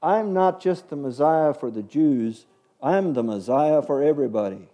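A man voicing a gentle, patient male teacher figure in a told story, asking soft questions. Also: on the high side, expressive, moderate pace, close to an everyday voice.

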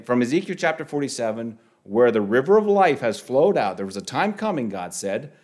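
A man preaching a sermon, halting and repeating words, rising sharply on key phrases. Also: mid-range voice, a little mellow.

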